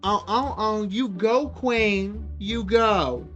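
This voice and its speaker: Woman streamer, bright tense voice, excitable meme commentary, faint music behind. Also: medium pitch, slow pace, muffled recording. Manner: excitable, swearing, riffing on memes. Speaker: VTuber streamer.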